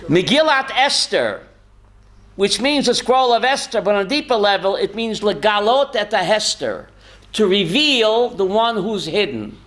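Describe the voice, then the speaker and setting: A man's voice: high-pitched, sing-song, unhurried, fairly bright tone. A man, a rabbi, teaching a Torah class in a folksy, joking way and quizzing his listeners by name. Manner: folksy, jokey asides.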